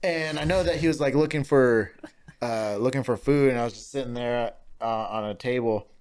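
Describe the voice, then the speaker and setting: A man co-hosting a casual podcast, telling profane stories with lots of laughter and quick put-on voices. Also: mid-range voice, darkish tone, clear, resonant tone. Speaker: podcast co-host.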